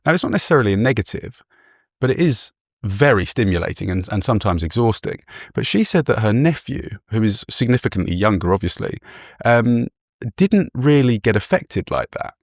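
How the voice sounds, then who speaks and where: A man's voice: lowish voice, big pitch swings, fairly quick, creaky, dry recording, clean studio sound. A man from England, a podcast host, telling a travel story in a chatty, self-deprecating way and laughing often. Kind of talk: casual storytelling chat.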